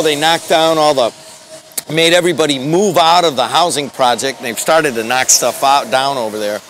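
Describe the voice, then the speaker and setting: Middle-aged guy doing morning radio outside, folksy rambling, bit high voice, faint traffic noise. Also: a bit bright. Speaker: radio morning show host. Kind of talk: casual talk radio monologue. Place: outdoors in the snow.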